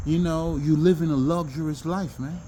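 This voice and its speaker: A man delivers a loose, animated self-help monologue, full of profanity and restarts. His voice sits fairly high. Faint insect noise hums behind him. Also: moderate pace. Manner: animated, profane, rambling with many restarts and laughs. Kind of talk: casual spoken monologue.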